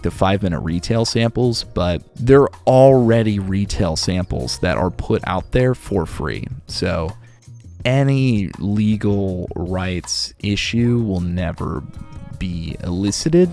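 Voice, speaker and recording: A man who narrates audiobooks, chatting casually on a livestream in a relaxed, rambling way and reading chat questions aloud. His voice is a little sore. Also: on the low side. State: slightly sore voice.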